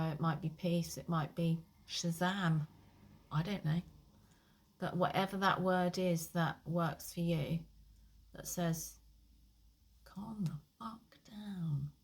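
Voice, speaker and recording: A woman's voice: fairly low pitch, flat delivery, a little slow. A woman, an IBS therapist, talking straight to her listener with frank encouragement and the odd light swear. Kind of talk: casual direct-to-camera advice.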